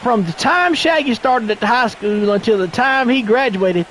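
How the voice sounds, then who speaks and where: A man's voice: very high voice, expressive, normal speed, fairly bright tone, a little hiss or hum. A man in his thirties streaming a video game, telling a long story in a rambling way that repeats phrases and restarts sentences. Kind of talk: casual storytelling while gaming.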